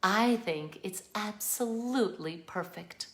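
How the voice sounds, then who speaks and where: A woman voicing a gentle, encouraging female schoolteacher in a storybook reading, soft, slow and reassuring. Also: mid-range voice. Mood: kind. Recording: echoey room.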